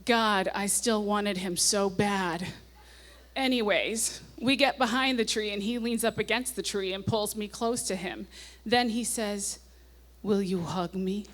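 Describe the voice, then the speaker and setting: At a stage mic in a nightclub, a woman in her forties reads her teenage diary to an audience with comic timing, her medium-pitched voice steady, a little slow and a bit bright. She breaks off for dry, knowing asides, then throws herself back into the breathless entries with mounting gusto.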